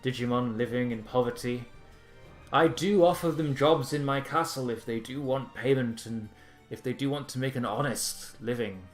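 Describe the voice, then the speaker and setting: A man's voice: mid-range voice, normal speed, soft background music, close to an everyday voice. A man putting on a gushing, grandiose vampire lord. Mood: smooth. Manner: grandiose, overly gracious. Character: suave male vampire lord, theatrical host. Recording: echoey room.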